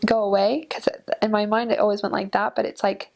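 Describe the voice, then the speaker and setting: A woman's voice: medium pitch, flat delivery, quick pace, creaky. A woman chatting casually about culture, filling her talk with "like" and acting out what people say. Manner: chatty, many "like" fillers, acts out quotes.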